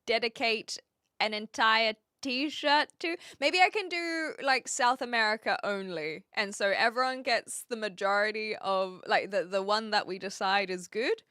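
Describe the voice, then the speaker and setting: A woman's voice: fairly high pitch, unhurried, sharp tone, no room sound, clean studio sound. A young woman hosting a casual livestream, chatting, laughing often and greeting viewers by name. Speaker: livestream host. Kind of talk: casual livestream chat, reading viewer comments.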